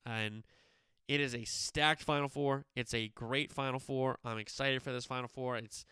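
A man's voice: mid-range voice, fairly even intonation, normal speed, sharp tone, clean tone, no room sound, studio quality. Slangy young man previewing sports. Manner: loose, opinionated, with slangy asides. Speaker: sports podcast host. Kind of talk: casual sports preview chat.

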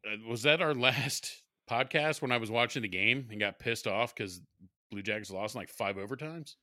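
A man's voice: mid-range voice, normal speed, pushed and bright, no room sound, studio quality. A man in his thirties co-hosting a podcast in casual chat, rambling and swearing, often laughing. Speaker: podcast co-host.

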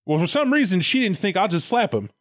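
A man spins a story in loose, profane chat, throwing himself into the telling. His voice sits a little high. The sound is dry and close, with no room around it. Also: fast, dry recording. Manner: profane, animated, acts out voices in retellings.

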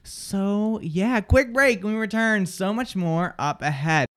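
A man's voice: sits high, unhurried, a bit bright, clean tone. A man co-hosting a live morning radio show, joking and teasing his co-host in casual banter. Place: radio studio.

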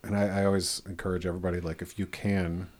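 A man's voice: sits low, flat delivery, quick pace, a little mellow. A man hosting a casual chat, talkative, laughing often and swearing casually.

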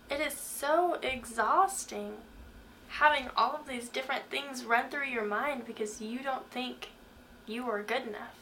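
A young woman speaks in an earnest, questioning way, giving a faith-based motivational talk straight to her listener. Her voice sits a little high and rings bright and forceful. Faint noise runs underneath. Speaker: Christian speaker.

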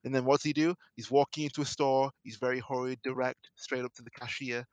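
Podcast dude, animated, stumbles a lot, mid pitch. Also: male voice, fast talker, no room sound. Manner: animated storyteller, lots of fillers and restarts. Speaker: podcast co-host. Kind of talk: casual podcast chat.

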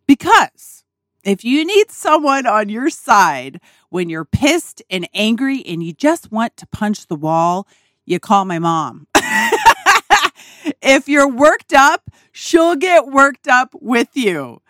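A woman hosting a podcast who tells a personal story in a casual, animated way, laughing often and swearing freely, recorded in a small RV dinette. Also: a little high, takes it slowly, no room sound, studio quality. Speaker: podcast host.

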